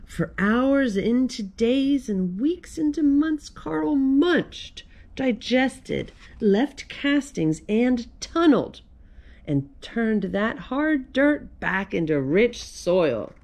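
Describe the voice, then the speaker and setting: A woman who is a children's librarian, reading a picture book aloud at storytime in a gentle, expressive way. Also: on the high side, very slow.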